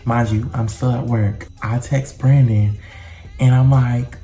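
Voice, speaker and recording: A young man vlogging a casual storytime, animated and dramatic, full of slang and swearing. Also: mid-range voice, takes it slowly.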